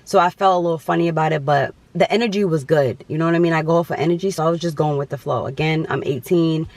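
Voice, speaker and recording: Young guy telling a wild story on his vlog, higher voice, real dramatic. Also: fast talker, no echo. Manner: emphatic, dramatic storytelling with repetition. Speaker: vlogger.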